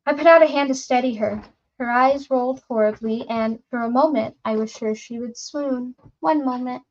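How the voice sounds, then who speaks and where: A woman reading a story aloud in a measured, formal narrating style. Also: a little high, highs cut off. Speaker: audiobook reader.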